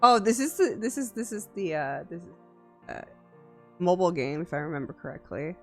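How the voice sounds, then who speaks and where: A woman's voice: fairly low pitch, lively intonation, fairly quick, fairly bright tone, faint music behind. A woman streamer chatting casually and playfully with her chat, giggly and gushing, from a home streaming setup on a desk mic.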